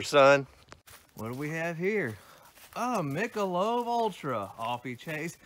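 A man's voice: on the high side, fairly bright tone, a little hiss or hum. Profane man ranting outdoors. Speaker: vlogger. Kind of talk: casual satirical vlog. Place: outdoors on a country roadside.

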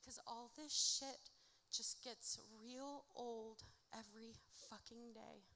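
Bright-voiced woman rapping blunt, profane rhymes. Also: on the high side, fairly even intonation, slow. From Indiana, United States. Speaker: performing artist. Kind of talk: live spoken-word rap performance. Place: theatre stage at a live show.

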